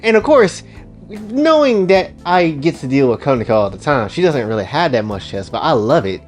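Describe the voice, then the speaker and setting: Excitable, rambling male storyteller. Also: fairly high pitch, moderate pace, faint music behind. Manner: rambling, crude, excitable asides to viewers. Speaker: storyteller, channel host. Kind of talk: casual comedic retelling.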